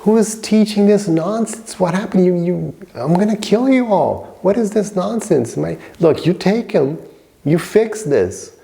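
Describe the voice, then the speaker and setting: A man voicing a furious tyrant king who rages and shouts threats at his son. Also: sits high, lively intonation, measured pace, creaky, pitched above the performer's own voice, heavily acted.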